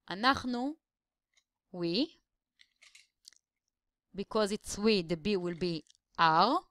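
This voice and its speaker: A woman's voice: medium pitch, no room sound. A woman English teacher, patiently explaining grammar step by step in a slideshow voice-over.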